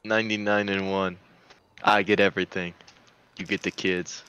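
A man's voice: low voice, level tone, normal speed, bright, forceful tone, dull audio, slight background noise. A young man teasing his friends in casual gaming banter over voice chat. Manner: teasing, giggly, loose. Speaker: gamer.

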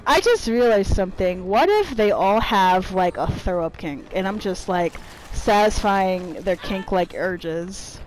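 A woman's voice: medium pitch, animated, a little slow, a little mellow, slight background noise, poor audio. A woman giving profane, irritated live commentary while playing a video game, trash-talking her opponents. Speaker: gameplay streamer.

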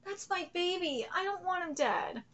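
A woman's voice: extremely high pitch, animated, moderate pace, fairly bright tone. A woman streamer reading a comic live and reacting with emotional, swearing, pleading outbursts.

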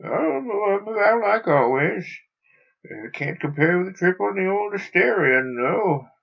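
Guy putting on a raspy fat old man, loud and jolly, pitch all over the place, muffled lo-fi audio. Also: sing-song, slow pace, exaggerated voice. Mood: hearty. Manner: loud jovial bluster and harsh urgent whispers. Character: fat jovial older man, secretly terrified. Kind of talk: audiobook reading. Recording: dull lo-fi sound.

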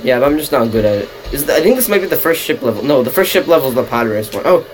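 A young man giving casual, excitable gameplay commentary, laughing and mocking his own play. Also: medium pitch, racing, slight background noise. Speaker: let's play gamer.

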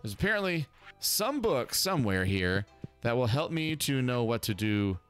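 A man hosting a gaming channel, giving chatty, excitable let's-play commentary. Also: medium pitch, moderate pace, clear, resonant tone, faint music behind.

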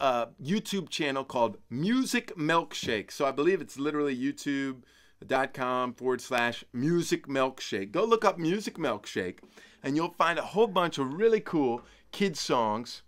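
A man hosting a casual weekly live stream from home as a polka band leader, talking in an upbeat, playful way with sudden jumps in pitch and loudness. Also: big pitch swings, moderate pace.

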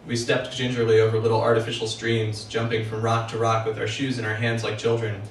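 A man reading his own novel aloud at a book party, with measured first-person narration. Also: fairly low pitch, monotone, recorded from a distance, a little hiss or hum. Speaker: author. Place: event room for a book party. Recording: echoey room, heard from afar.

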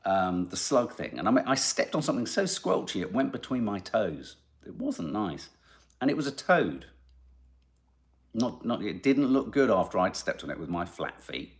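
A middle-aged man hosting a podcast, reading out listener comments and telling rambling, animated stories. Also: fairly low pitch. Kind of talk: casual chat.

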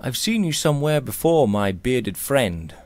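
A man reading the part of an easygoing young English gentleman, with a drawling, indifferent and mildly amused manner. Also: mid-range voice, sing-song, measured pace, no room sound.

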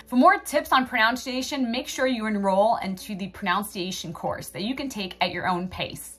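A native French-speaking woman teaching an online French lesson, upbeat and expressive, stressing each phrase she models. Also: medium pitch, normal speed. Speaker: French instructor.

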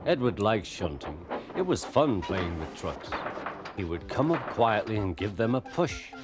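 Lively male storybook narrator. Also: on the low side, unhurried. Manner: gentle storytelling, many voices. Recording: music playing underneath. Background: music.

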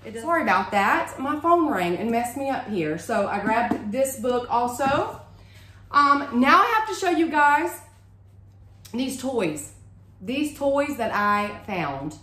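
A woman's voice: a little high, big pitch swings, slow pace, fairly bright tone, echoey room, slight background noise. A woman, chatting casually and gushing as she shows off a shopping haul at home. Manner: chatty, gushing, says y'all a lot. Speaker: haul vlogger. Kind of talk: casual show-and-tell haul. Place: room at home with a bookshelf.

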